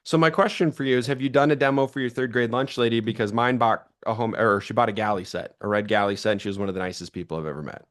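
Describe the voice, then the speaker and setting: A man in his thirties giving a lively sales training talk, chatty and energetic, acting out quoted phone calls in his stories. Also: fairly low pitch, fast, hardly any pauses.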